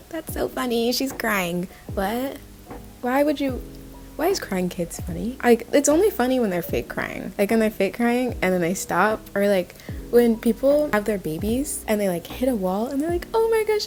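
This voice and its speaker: A young adult woman giving casual commentary, talking in an animated, conversational way with lots of "like". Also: mid-range voice. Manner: animated, conversational, heavy use of "like". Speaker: video essayist.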